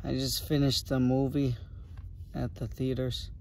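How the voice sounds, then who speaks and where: A man recording a soft, halting late-night video diary while grieving and worn out. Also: mid-range voice, level tone, gravelly, a little hiss or hum. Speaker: vlogger. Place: small private sleeping area, indoors.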